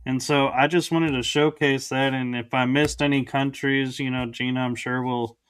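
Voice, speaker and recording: A man hosting a casual interview over a video call, speaking in a hesitant, unhurried way. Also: mid-range voice, steady tone, fairly bright tone, clean tone. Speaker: show host.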